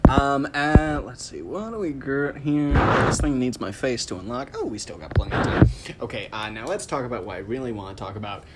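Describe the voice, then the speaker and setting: A woman's voice: very animated, fairly quick, heavy background noise. A woman comedian co-hosting a podcast in casual chat, self-deprecating and jokey. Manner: self-deprecating, jokey, bursts into high laughing squeals.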